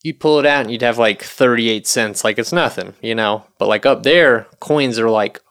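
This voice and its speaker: Smooth-voiced man, rambling chat. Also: medium pitch, moderate pace, a bit bright, no echo, studio quality. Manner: rambling, profane, joking. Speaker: podcast host. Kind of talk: casual podcast chat.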